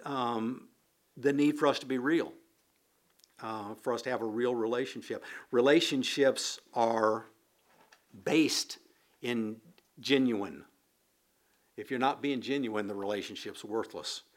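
Guy preaching a sermon, slow and careful, mid pitch, stops to read verses. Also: a bit bright. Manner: slow and deliberate, with fillers and scripture readings. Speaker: pastor.

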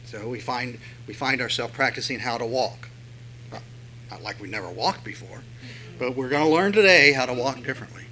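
A man preaching a sermon in a conversational way, asking rhetorical questions and swelling louder when he reads scripture. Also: mid-range voice, slight background noise, rough recording. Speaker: pastor.

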